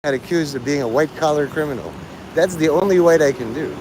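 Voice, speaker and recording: A man's voice: fairly high pitch, quick pace, noisy background. A man chatting crudely and sardonically on a rambling live stream.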